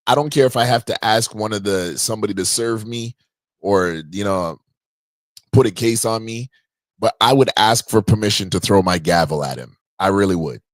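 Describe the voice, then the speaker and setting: This Canadian host runs a casual livestream podcast out of a room at home, joking around loosely and using slang. He speaks on the low side at a moderate pace, with no echo.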